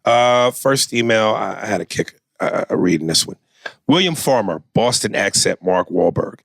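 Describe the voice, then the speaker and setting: A man's voice: lowish voice, expressive, normal speed, gravelly, a bit bright, dry recording. A man co-hosting a comedy podcast, chatting crudely and loosely and reading out listener emails. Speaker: podcast co-host. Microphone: studio mic with headphones.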